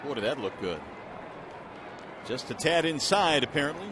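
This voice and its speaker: A man doing baseball play-by-play from a stadium booth, calm between pitches and rising sharply on big plays. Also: moderate pace. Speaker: play-by-play announcer. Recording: broadcast with loud stadium crowd and noise. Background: loud ballpark crowd.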